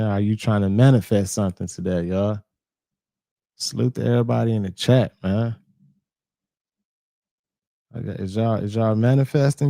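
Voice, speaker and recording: A man's voice: fairly low pitch, gravelly, dark tone, no room sound, studio quality. Laid-back man hosting a live stream. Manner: laid-back, drawling, greets chat by name. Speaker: reaction stream host. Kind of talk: casual live-stream chat.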